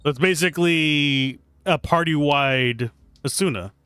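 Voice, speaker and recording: On the high side and clear, with a resonant tone, this man's voice keeps a measured pace in a dry recording. He's a streamer commentating his video game live, chatty, animated and full of jokes.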